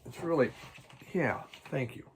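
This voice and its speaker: A man chatting casually about his record collection at home, halting and restarting often and chuckling now and then. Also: medium pitch, slightly rough. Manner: halting, many restarts and repeated words. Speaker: vinyl record collecting vlogger. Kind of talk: casual rambling chat.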